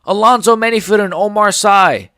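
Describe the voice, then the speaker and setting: A man's voice: high-pitched, moderate pace, sharp tone, dry recording, studio quality. A man in his forties giving a heated, sarcastic reaction rant full of swearing. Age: 40s. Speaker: MMA commentator.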